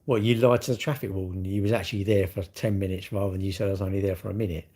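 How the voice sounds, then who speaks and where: A man's voice: low voice, steady tone, very fast, dark tone. A middle-aged man, chatting bluntly and mockingly as he reads comments on a live stream. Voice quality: gravelly, husky. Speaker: livestream host reading comments. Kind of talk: casual live-stream chat.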